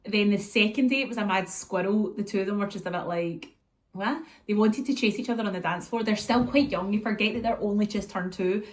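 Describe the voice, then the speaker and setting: A woman's voice: medium pitch, fast, hardly any pauses, slight background noise. Chatty Scottish woman telling stories. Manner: chatty and animated, acts out scenes and quotes her kids. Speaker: vlogger catching up with viewers. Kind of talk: casual chat, storytelling.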